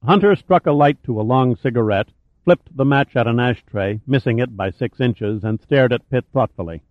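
A man narrating an audiobook in a measured, even reading voice. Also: mid-range voice, no echo. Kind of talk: scripted narration. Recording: tinny phone-like audio.

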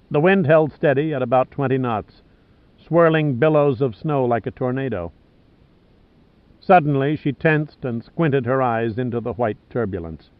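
A man's voice: mid-range voice, no echo. Man narrating an audiobook, tinny audio. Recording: dry, tinny phone-like sound.

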